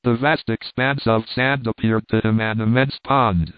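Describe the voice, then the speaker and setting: A man narrating an adventure storybook in a steady, measured reading. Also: lowish voice, smooth, no echo. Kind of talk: audiobook narration. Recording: tinny, phone-like and dry.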